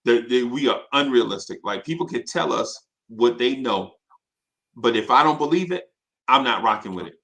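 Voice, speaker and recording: A man telling personal stories in casual chat, animated and full of fillers and asides. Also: medium pitch, normal speed, creaky.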